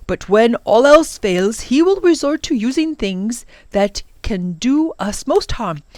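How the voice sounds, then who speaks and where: A woman's voice: on the high side, dry recording, voice pushed up. A woman voicing a wise, kind old professor. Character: wise, kind older male professor, calm mentor. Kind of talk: storybook reading aloud.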